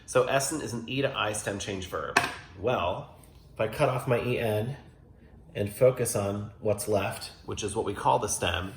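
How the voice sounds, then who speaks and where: A man's voice: lowish voice, measured pace, noisy background. A man teaching German grammar at a whiteboard, explaining step by step and patiently, with emphatic stress on key words. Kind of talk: classroom lesson explanation. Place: classroom at a whiteboard. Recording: roomy classroom echo.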